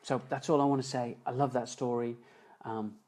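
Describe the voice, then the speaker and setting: A man telling an emotional story as a motivational speaker on a live stream, earnest, slowing and dropping softer for emphasis. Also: mid-range voice, steady tone, low-quality recording. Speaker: motivational speaker and seminar founder. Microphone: phone or webcam on a live stream.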